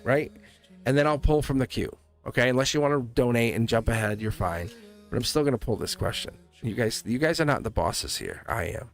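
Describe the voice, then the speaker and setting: Give me a man at mid pitch doing a live tarot reading, chatty and rambling, cutting into his own sentences and chuckling as he goes. Soft music plays faintly behind him. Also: fairly quick, vocal fry. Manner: rambling, restarts sentences, laughs often. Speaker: live tarot reader and channel host.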